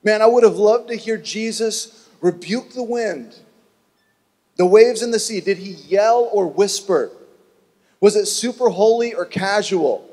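A man preaching a sermon, telling a Bible story in an animated way and acting out the voices of its people. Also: high voice, unhurried, big-room sound. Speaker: pastor.

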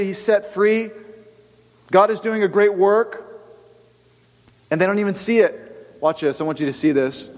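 A man preaching a sermon in a lively, animated way, acting out the voices of people in his stories. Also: high voice. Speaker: pastor. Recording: long hall reverb.

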